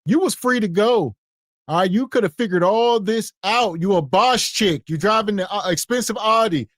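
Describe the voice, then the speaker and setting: Blunt, high-voiced male podcast co-host. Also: moderate pace, no echo, studio quality. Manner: blunt, mocking, quotes others. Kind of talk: casual commentary on a video.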